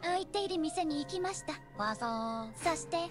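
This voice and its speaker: A man putting on a squeaky, tiny, cutesy anime girl voice, soft and sing-song. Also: animated, fast, music in the background. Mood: playful.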